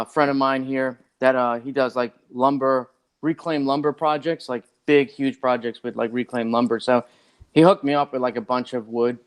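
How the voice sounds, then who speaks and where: A man who is a podcast guest, telling a long story in a rambling, animated way and acting out what other people said. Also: mid-range voice, smooth. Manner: rambling and animated, acts out others' lines, many "like" fillers. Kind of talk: casual storytelling.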